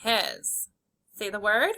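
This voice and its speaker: Expressive and bright, her medium-pitched voice carries a forceful tone as she leads a phonics lesson for little kids. She cheers them on, clearly pronouncing letters one at a time at an unhurried pace.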